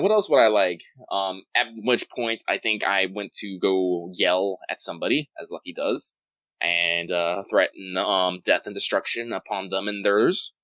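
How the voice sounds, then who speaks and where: A man co-hosting a podcast, telling rambling stories in a quick, casual chat. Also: sits low, bright, forceful tone, no echo. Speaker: podcast co-host.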